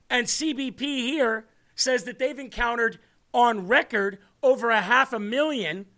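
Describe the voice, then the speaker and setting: A man's voice: very high voice, pushed and bright. A man hosting a political talk show, rambling and sarcastic as he speaks to the audience. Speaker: show host.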